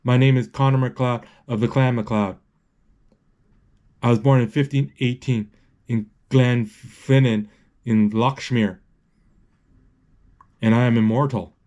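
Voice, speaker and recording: A man reading the lines of a weary, centuries-old immortal swordsman in a flat voice that stays close to his own. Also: medium pitch, unhurried, long pauses, muffled recording, close to an everyday voice. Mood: solemn.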